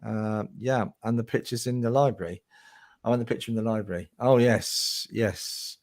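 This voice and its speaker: A man's voice: medium pitch, steady tone, normal speed, darkish tone. A man hosting a live-stream about mediumship, chatting casually and speaking directly to viewers. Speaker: host.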